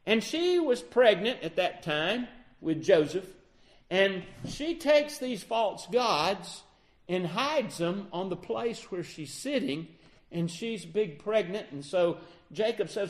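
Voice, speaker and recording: High-voiced man retelling a Bible story. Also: very animated, a little slow. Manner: conversational, with fillers and self-corrections.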